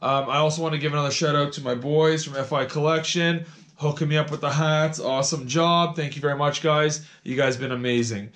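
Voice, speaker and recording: A man from Canada in his thirties talks through a casual recap vlog in a raspy, hoarse voice that sits a little high. He rambles, repeats words and leans on fillers as he goes. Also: fairly even intonation, a little fast, fairly bright tone. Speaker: vlogger recapping a reality show.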